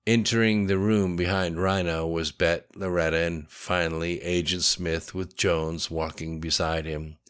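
A man reading a novel aloud as narrator, with a steady storytelling delivery and voicing each character. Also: sits low, measured pace, few pauses, clear, resonant tone. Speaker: audiobook narrator. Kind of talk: scripted narration.

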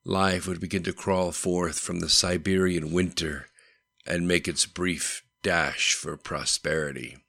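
A man narrates a novel with a steady, unhurried delivery. His voice sits very low with a gravelly edge and a bright, crisp tone, and it is recorded dry and close to the mic. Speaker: audiobook narrator. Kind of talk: scripted narration. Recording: dry close-miked studio voice.

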